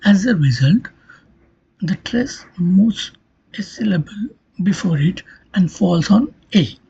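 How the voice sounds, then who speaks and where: Breathy, husky-voiced linguistics lecturer. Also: mid-range voice, lively intonation, slow pace, warm tone. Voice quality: breathy, half-whispered delivery. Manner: checks understanding with "Clear?" and "right?"; repeats and corrects themself mid-explanation. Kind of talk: explanatory online lecture. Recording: dull lo-fi recording.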